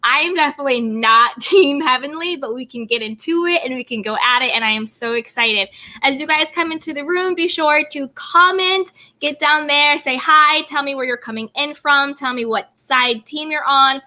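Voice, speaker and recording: A woman's voice: high voice, moderate pace, sharp tone. A woman hosting a live stream, chatting about reality TV in a bubbly way and greeting viewers by name. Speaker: YouTube host. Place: California home.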